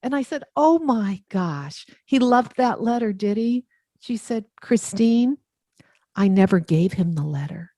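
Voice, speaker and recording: A woman author, a guest on an interview, telling stories with lively enthusiasm and acting out the dialogue. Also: medium pitch, measured pace, no room sound. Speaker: author and letter writer, guest. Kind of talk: interview storytelling.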